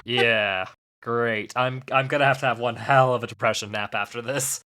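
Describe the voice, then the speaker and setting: A man's voice: mid-range voice, steady tone, moderate pace, pushed and bright. A man co-hosting a podcast in casual comedic chat, joking and improvising sing-song ditties. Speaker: podcast co-host.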